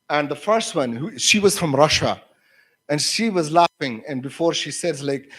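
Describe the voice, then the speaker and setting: Male professor, fairly high voice that swings widely, chatty lecture full of anecdotes. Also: moderate pace. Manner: animated storyteller, many fillers and restarts; acts out students' voices when quoting. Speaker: university lecturer.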